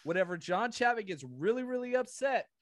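A man from the Southern United States co-hosting a podcast in casual chat, ranting with animated laughs. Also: sits high, fairly quick, dry recording, studio quality. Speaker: podcast co-host.

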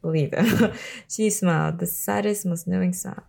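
Young woman reading aloud, chatty and hesitant, low gravelly voice. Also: normal speed, darkish tone. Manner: chatty, hesitant, many fillers and laughs. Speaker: book reader and vlogger. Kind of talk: casual late-night read-aloud with chat.

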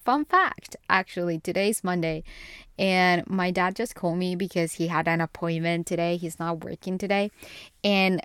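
A young woman from Colombia hosting a podcast, chatting casually and rambling as she answers quick this-or-that questions. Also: lowish voice, steady tone, clear, resonant tone, no echo, clean studio sound. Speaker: podcast host. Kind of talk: casual solo podcast chat.

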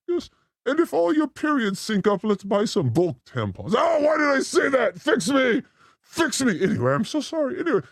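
A man hosts a comedy live stream with playful, theatrical energy. His voice leaps from high squeaks to low growls within a few words, and it sounds close and dry with no room around it. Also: no room sound. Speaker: show host.

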